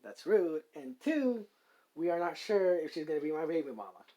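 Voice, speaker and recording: A narrator voicing an excitable teen boy hero in a fan story read-aloud, quick to bicker. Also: medium pitch. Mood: annoyed.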